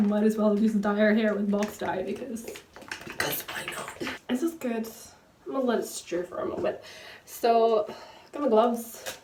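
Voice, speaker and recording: A woman's voice: a little high, darkish tone, a little hiss or hum. Chatty woman in an echoey room. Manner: rambling, chatty, full of fillers, laughs at herself. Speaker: book vlogger. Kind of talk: casual chat while dyeing hair. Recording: roomy echo, slightly distant.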